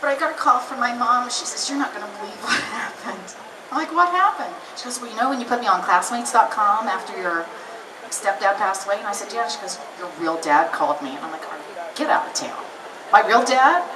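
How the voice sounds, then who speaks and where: Middle-aged woman, rally speaker, animated storyteller, roomy distant camera audio. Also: mid-range voice, fast, background noise. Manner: animated storyteller, acts out quoted dialogue. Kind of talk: personal story speech at an outdoor rally. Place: outdoor rally.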